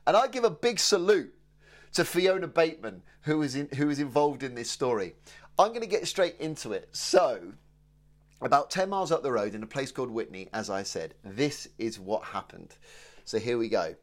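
Co-hosting a casual podcast chat, this man from England speaks with a British accent, keeps things chatty and friendly, and drops "mate" frequently. His mid-range voice has lively intonation and a normal speed.

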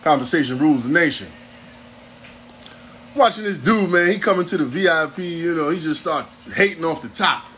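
A forties-aged podcast host from Ohio speaks a little high, with lively intonation, normal speed, and a bright, forceful tone over slight background noise. His casual monologue is profane and rambling, with a preacher-like cadence.

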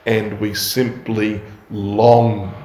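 A man preaching a sermon in a measured way, building on emphatic repetition. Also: lowish voice, level tone, a little mellow, roomy sound.

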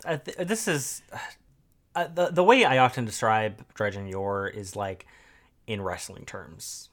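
A man co-hosting a casual podcast, talking through game lore with halting, filler-heavy speech. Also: on the low side, a bit bright. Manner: halting, many fillers, thinks aloud. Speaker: podcast co-host.

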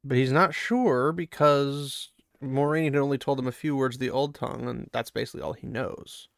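Reading a battle scene from a fantasy book with mounting drama, this male narrator and commentator then switches to eager, casual talk with fans about the chapter. His voice is medium-pitched with vocal fry and a moderate pace, captured in clean, dry studio sound.

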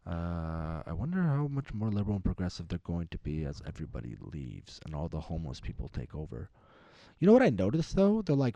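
A man's voice: low-pitched, big pitch swings, fairly quick, gravelly, dark tone, no room sound. A young man co-hosting a podcast, rambling through political chat with plenty of swearing and sudden jumps into mocking voices. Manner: rambling, profane, mimics other people in raised voices. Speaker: podcast co-host.

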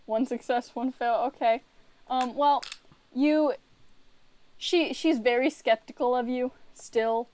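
A woman's voice: fairly high pitch, slow pace, a little mellow, a little hiss or hum. A woman acting as game master, narrating a tabletop game with playful, laughing asides.

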